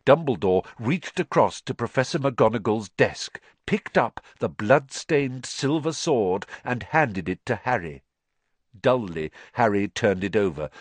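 A man narrating a storybook in a measured, expressive reading. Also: lowish voice, dry recording. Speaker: audiobook narrator.

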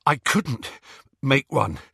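A man's voice: fairly high pitch, huge pitch swings, moderate pace, a bit bright, no echo, studio quality, pitched above the performer's own voice, heavily acted. A man voicing a shaken, defensive teenage boy who speaks firmly when pressed. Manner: defensive, firm.

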